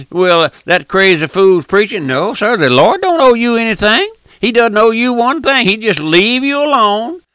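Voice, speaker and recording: A man preaching an impassioned radio sermon, folksy and repetitive, swinging from shouted warnings to hushed asides. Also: high-pitched, clean tone, no room sound.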